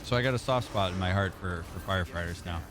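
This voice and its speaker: A man's voice: low voice, fast, very noisy. A man from Indiana, a therapist streaming a game, chatting casually and answering his chat as messages come in. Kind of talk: casual livestream chat while gaming.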